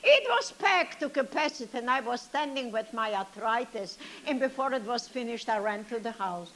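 A woman's voice: a little high, animated, moderate pace, a bit bright. A woman performing a comic monologue as an elderly grandmother, telling stories with dry self-pity and sing-song asides. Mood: wry. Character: elderly Yiddish-speaking grandmother, chatty and wry.

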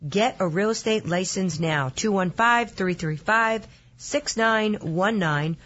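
A woman co-hosting a radio show, practical and brisk, reciting figures. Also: mid-range voice, fairly bright tone, highs cut off. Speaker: mortgage segment co-host. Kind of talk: casual radio chat.

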